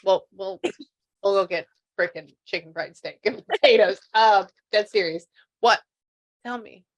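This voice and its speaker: A woman's voice: medium pitch, a little slow. Chatty woman in her sixties. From Texas. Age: 60s. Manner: chatty, relays messages with asides and quoted dialogue. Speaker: spiritual medium. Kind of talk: mediumship reading on a call.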